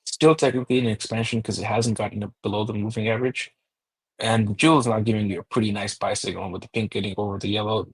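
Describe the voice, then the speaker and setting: A man walking through stock charts aloud, steady and number-heavy, thinking out loud as he goes. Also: fairly low pitch, slightly rough, no room sound, poor audio. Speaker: market analyst host. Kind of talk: technical chart analysis.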